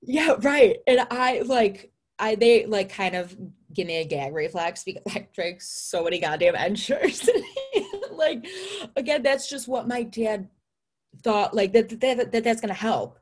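Young woman, casual podcast chat, open and reflective, mid pitch. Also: lively intonation, measured pace. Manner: open, reflective, laughs often.

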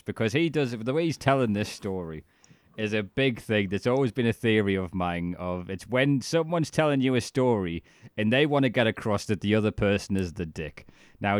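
A man's voice: mid-range voice, smooth, dry recording, clean studio sound. A young man co-hosting a podcast, chatting casually and animatedly, swearing freely and putting on voices when retelling scenes. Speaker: podcast co-host. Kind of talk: casual chat.

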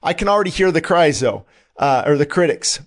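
A man's voice: fairly high pitch, lively intonation, brisk. A man preaching a sermon in an earnest, urgent way, pleading and repeating calls to repent. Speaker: pastor.

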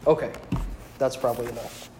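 A man's voice: medium pitch, steady tone, brisk, reverberant, background noise. A man, as a teacher, reading a novel aloud and explaining it in informal asides, with hesitations and repeats.

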